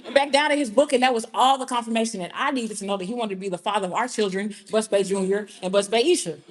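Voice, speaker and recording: A woman's voice: mid-range voice, fast talker. A young woman from Georgia with a Southern accent, performing a comic spoken-word piece in a conversational storytelling manner, chatting to the audience between lines. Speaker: performance poet.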